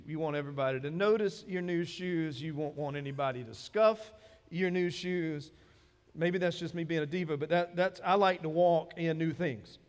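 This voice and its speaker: High-voiced Southern preacher in a reverberant hall. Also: male voice. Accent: Southern American. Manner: conversational preaching, rising to emphatic. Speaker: pastor. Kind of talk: sermon. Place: church sanctuary.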